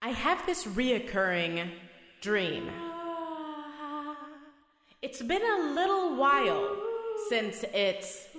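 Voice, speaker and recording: A woman delivers a spoken-word poem at an unhurried, trance-like pace. Her fairly high voice rises and falls widely as she leans into hypnotic repetition. Everything sits in a roomy, echoing space with a long reverb tail. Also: sing-song, a bit bright. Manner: slow, dreamy, hypnotic repetition. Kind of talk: spoken-word poetry performance.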